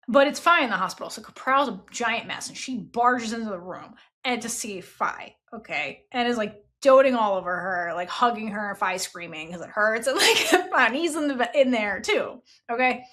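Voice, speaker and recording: A woman hosts a book club podcast and retells the story in loose, animated chat. Her voice sits a little higher than most, and she keeps dropping in "like" and "okay?" as she goes. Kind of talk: casual book review chat.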